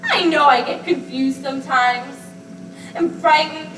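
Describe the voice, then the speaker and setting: A woman on a school stage playing a fragile, childlike grown daughter who pleads emotionally with a voice that keeps breaking, taken from a distant, echoey stage recording with clear hiss. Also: high voice, unhurried, fairly bright tone, soft background music. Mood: desperate. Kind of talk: amateur stage acting.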